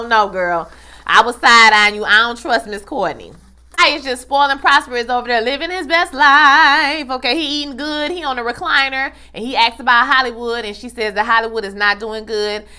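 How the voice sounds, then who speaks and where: A young woman rattles through a TV recap in a bright, forward voice, slangy and animated. She keeps acting out the characters' lines as she talks, with a casual, conversational flow. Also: on the high side, smooth. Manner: animated, slangy, acts out dialogue. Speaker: TV recap vlogger.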